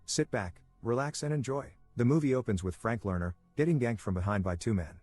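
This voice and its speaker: A man's voice: mid-range voice, lively intonation, fairly quick, darkish tone, soft background music. A man narrating a scripted movie recap, with dry, wry asides.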